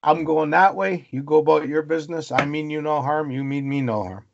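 A calm, wary forest Sasquatch, as a man puts him on, thinking out loud in a slow, reasoning way. The voice has a gravelly grain, and the recording sounds dull and lo-fi. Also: fairly high pitch, noisy background.

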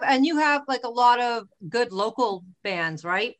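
A friendly woman in her fifties hosts a podcast. She talks in an upbeat, chatty way, and her voice sits a little high. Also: lively intonation, a little slow, slight background noise. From Boston, USA. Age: 50s. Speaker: podcast host. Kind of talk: podcast intro and interview.

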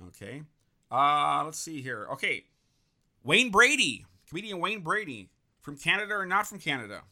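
A man with a very bright, lively voice hosts a casual quiz game, upbeat and encouraging. He reads out names one after another, his pitch bouncing around a lot. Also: moderate pace. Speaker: host.

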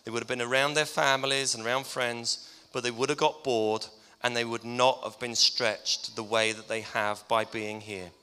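In a church hall with long reverb, a middle-aged pastor delivers a warm-hearted farewell tribute, teasing and conversational in his preaching. His medium-pitched voice is clear and resonant, with a level tone and normal speed.

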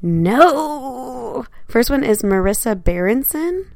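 A woman trading jokes on a casual podcast, blunt and teasing and quick to swear. Her voice sits at an ordinary pitch and sounds dry and close. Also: very animated, creaky, darkish tone, dry recording. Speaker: podcast co-host.

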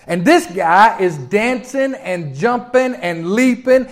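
A man's voice: high-pitched, lively intonation, slow, hardly any pauses. A male pastor preaching a sermon in a conversational, storytelling way, often repeating words and rising in sudden swells.

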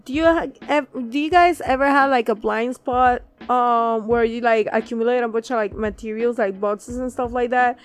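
A woman's voice: fairly high pitch, steady tone, smooth. A woman co-hosting a podcast, reacting and asking casual questions in chat. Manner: reactive, quick interjections and questions. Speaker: podcast co-host.

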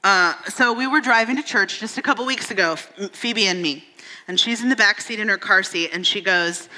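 A woman's voice: medium pitch, normal speed, bright, forceful tone. Candid woman preaching in a reverberant church. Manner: candid, self-deprecating storytelling with humor. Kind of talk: sermon. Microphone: stage microphone.

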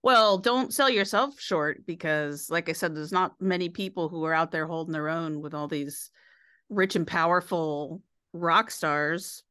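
A woman hosting a casual interview, admiring and encouraging her guest and quick to laugh. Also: low voice, bright, forceful tone, clean tone, no echo, studio quality. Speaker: podcast host.

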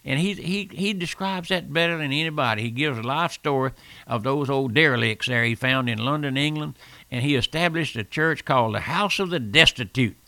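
A man's voice: medium pitch, fairly quick, sharp tone, no room sound. An older man preaching a fervent radio sermon, repeating phrases and calling the listener "my friend".

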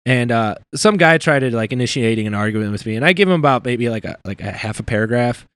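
A man's voice: medium pitch, expressive, fast talker, fairly bright tone, no echo. A young man in casual, crude banter, rambling and swearing as he tells stories. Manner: profane, rambling storyteller who acts out quotes.

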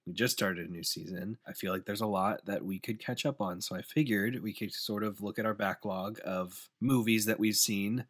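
Laughing low-voiced man, dry sound. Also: normal speed, hardly any pauses, no echo. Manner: laughs often, loose and playful. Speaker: podcast co-host. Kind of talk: casual chat.

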